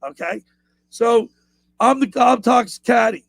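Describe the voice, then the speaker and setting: A man hosting a casual radio chat, telling animated stories and shouting out quoted lines. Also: very high voice, takes it slowly, vocal fry, no echo. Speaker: radio show host.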